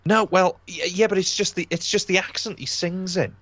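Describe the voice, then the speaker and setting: A man voicing a stubborn middle-aged mother-in-law who insists she is right, in a high put-on voice. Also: fairly even intonation, normal speed, fairly bright tone, muffled recording. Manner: insistent, dismissive.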